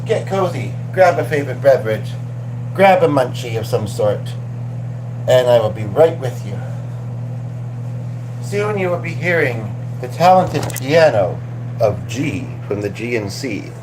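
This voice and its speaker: A man's voice: mid-range voice, big pitch swings, measured pace, noisy background. A man from Canada hosting a casual livestream chat, playful and chatty, slipping into little sung bits. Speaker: livestream host.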